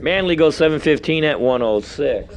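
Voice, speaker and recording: A man's voice: on the high side, lively intonation, moderate pace. A man with a New York accent calling results at a drag race, chatty and rambling with asides between runs. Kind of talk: live race commentary. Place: outdoor drag strip.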